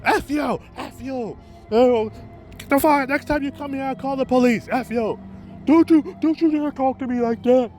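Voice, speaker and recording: A man voicing a furious store owner who yells and sputters over his words. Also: extremely high pitch, normal speed, soft background music, pitched above the performer's own voice. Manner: yelling, sputtering repeats. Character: furious middle-aged male store owner.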